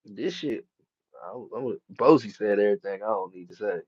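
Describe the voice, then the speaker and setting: A man's voice: on the low side, animated, moderate pace, darkish tone, slightly rough, no echo, dull audio. A man chatting casually about boxing, heavy on street slang and profanity, laughing often. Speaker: boxing commentator. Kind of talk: casual chat.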